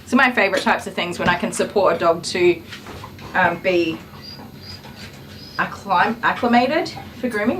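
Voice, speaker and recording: A woman's voice: lowish voice, expressive, normal speed, pauses often, fairly bright tone, roomy sound, recorded from a distance, slight background noise, rough recording. A woman dog groomer with a cold, chatting through her work on a live stream and cooing to the dog now and then. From Australia. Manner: chatty, explains as she works, coos to the dog. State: has a cold, short of breath. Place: grooming salon.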